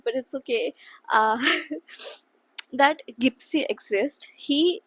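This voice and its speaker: A young woman chatting about a book in a casual reading vlog from a quiet room at home, emotional and gushing. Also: high voice, slow pace. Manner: emotional, gushing, reads quotes aloud with feeling. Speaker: book vlogger.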